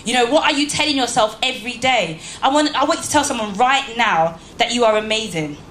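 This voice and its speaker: In a church hall, a woman gives a motivational speech to a live audience, speaking emphatically and firing rhetorical questions at the crowd. Her voice is a little high, fairly quick and fairly bright, and the roomy hall carries slight background noise and faint ambience.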